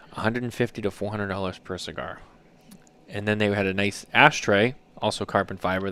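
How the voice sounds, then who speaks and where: A man in his thirties co-hosts a podcast, his lowish voice a bit bright and clean in tone. In casual chat he tells stories in a loose, rambling way, packed with fillers.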